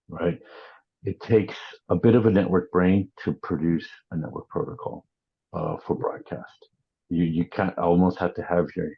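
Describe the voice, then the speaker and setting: A man with a very deep voice speaks in a steady, measured way. He restarts his sentences often as he explains. The audio is somewhat muffled and lo-fi. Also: slightly rough. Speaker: industry panelist. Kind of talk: panel discussion.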